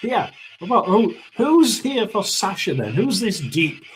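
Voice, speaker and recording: A man talks through a tarot and spirit box session in a loose, chatty way. He mutters asides and keeps clearing his throat. His voice sits fairly high and swings widely in pitch. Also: sing-song, slow pace, background noise. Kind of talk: casual live reading.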